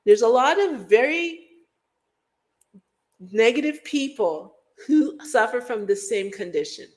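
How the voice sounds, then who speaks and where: Middle-aged woman from Guyana, livestream host, loose playful rambling, slightly high voice. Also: expressive, measured pace. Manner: rambling, playful, breaks into sung beats and mock accents. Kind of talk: casual chat.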